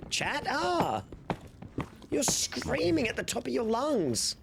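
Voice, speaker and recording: Animated Australian man streaming. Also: very high voice, takes it slowly, gravelly. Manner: rambling, animated, swears freely. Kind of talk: casual gaming stream chat. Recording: steady background noise.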